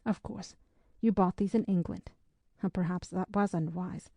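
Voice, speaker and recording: A woman reading the part of a courteous, gentlemanly English army captain, soothing and a little masterful, in a dry, mellow voice. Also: fairly low pitch, moderate pace, dry recording.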